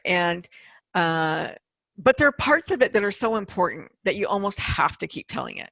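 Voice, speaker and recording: Gravelly-voiced woman host, candid. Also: lowish voice, sing-song, normal speed, pushed and bright, dry recording. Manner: candid, storytelling with quoted voices. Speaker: podcast host. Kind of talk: casual interview chat.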